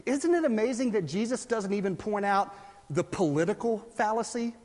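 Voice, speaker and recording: A man preaches in a high, bright-toned voice, swinging between quiet asides and loud, emphatic bursts. His words ring out with a long reverb, as if recorded in a large hall. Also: animated, moderate pace. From South Carolina, US. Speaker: pastor. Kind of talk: sermon.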